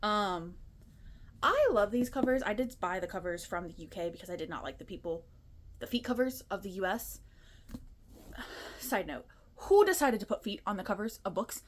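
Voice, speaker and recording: A woman's voice: medium pitch, expressive, normal speed, pauses often. A woman in her twenties chatting casually to her phone camera at home, rambling and a little nervous. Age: 20s. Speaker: booktuber. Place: her apartment.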